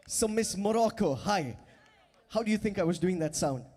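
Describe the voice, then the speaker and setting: A man's voice: high-pitched, lively intonation, normal speed, mellow. A man beatboxing on stage, teaching and coaxing the audience with lots of energy. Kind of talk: live stage crowd work. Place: large event hall with audience. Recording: long hall reverb.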